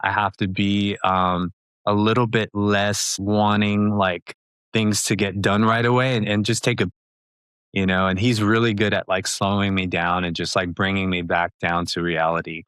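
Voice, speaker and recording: Man, thirties, podcast guest, upbeat chatty talk, lowish voice, dry close mic. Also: flat delivery, a bit bright, smooth, dry recording. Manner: upbeat, fast, chatty with frequent laughs and fillers. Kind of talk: casual interview talk.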